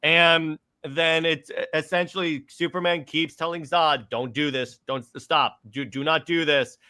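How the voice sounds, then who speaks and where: A man's voice: on the high side, fairly even intonation, a little slow, pushed and bright, clean tone. A man hosting a casual movie discussion, eagerly recapping scenes and often stumbling over his words as he restarts. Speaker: podcast host.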